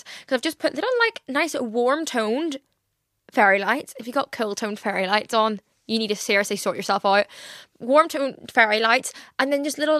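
A young woman talks alone on her podcast in a candid, rambling way, swearing freely. Her voice sits fairly high and sounds teary, as if she is close to crying. The sound is dry and close. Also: fairly bright tone, dry recording. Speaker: podcast host. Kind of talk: casual solo podcast chat.

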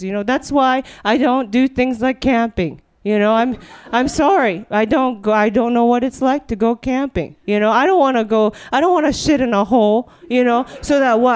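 High-voiced woman comedian hosting a show. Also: smooth. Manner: rambling, riffing, full of "you know". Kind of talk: stand-up monologue and live show hosting. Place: stage before a live audience.

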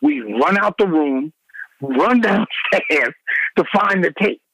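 A middle-aged man, a former radio DJ, telling animated stories in an interview and acting out the people he quotes. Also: takes it slowly, a little hiss or hum, poor audio. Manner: acts out quoted people with big pitch swings.

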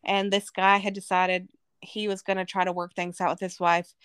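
A woman's voice: fairly low pitch, little pitch movement, moderate pace, fairly bright tone, clean tone, no echo. A woman from Arizona, a podcast guest, telling her personal testimony in an earnest, emotional way.

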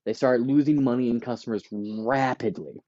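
A podcast host, ranting casually and profanely, acting out quick voices for companies and shoppers. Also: male voice, medium pitch, fairly even intonation, mellow, lo-fi sound. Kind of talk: casual rant.

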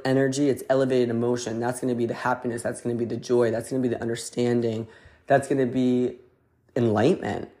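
A man's voice: medium pitch, a little mellow. A man hosting a podcast, giving a casual motivational spiritual talk in a conversational way, repeating phrases and checking in with listeners. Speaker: podcast host.

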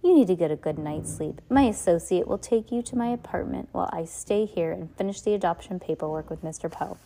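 A man's voice: sits high, brisk, gravelly, mellow, slight background noise. A woman voicing a scheming middle-aged man posing as a sea captain, falsely soothing.

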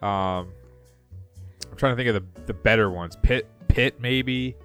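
A man's voice: lowish voice, a little slow, a bit bright, faint music behind. Laughing man reading trivia questions. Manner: reads trivia questions aloud, laughs often. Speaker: podcast co-host. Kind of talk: casual trivia chat.

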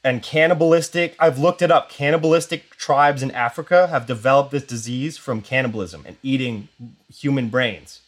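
A young man tells a story on his podcast in a loose, rambling way, leaning on "like" at every turn. He slips into quick quoted voices as he goes, keeping the telling animated. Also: mid-range voice. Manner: rambling, filler-heavy with constant "like". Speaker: podcast host. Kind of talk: casual storytelling.

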